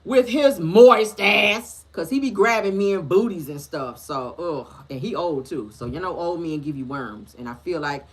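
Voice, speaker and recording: Woman gossip host, husky and sassy, loose slangy delivery with big swoops in pitch. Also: normal speed, hardly any pauses. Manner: animated, sassy, slangy, lively pitch swings. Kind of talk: casual gossip commentary.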